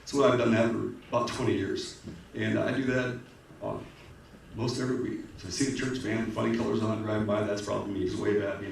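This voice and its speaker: A man's voice: fairly low pitch, gravelly. A man giving an earnest, emotional candidate's speech at a public forum, often restarting his sentences. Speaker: political candidate. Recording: echoey hall from far off, faint noise.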